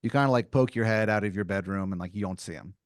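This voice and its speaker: A man's voice: fairly low pitch, fast talker, no echo, clean studio sound. Rambling male podcast storyteller. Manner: rambling, filler-heavy, playful. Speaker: podcast host running an improvised story. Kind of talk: improvised storytelling.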